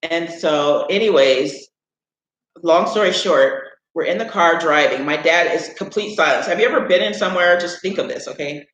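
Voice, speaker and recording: A man's voice: fairly high pitch, moderate pace, fairly bright tone. A man from Illinois telling a rambling childhood story on a live stream, often saying "anyways" and "right?". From Illinois, USA. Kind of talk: casual storytelling. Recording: echoey room, dull sound.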